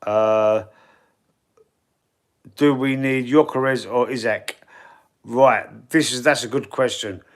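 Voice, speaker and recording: A man's voice: mid-range voice, fairly even intonation, takes it slowly, pauses often. A man with a Cockney accent, hosting a casual live stream as a football fan, reading chat and rambling in a laid-back, slangy way. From England. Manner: chatty, rambling, repeats words and restarts. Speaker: football fan livestream host.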